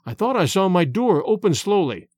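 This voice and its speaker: A man narrating a dark storybook tale in a measured, dramatic manner. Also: high voice, big pitch swings, dry recording. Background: faint music.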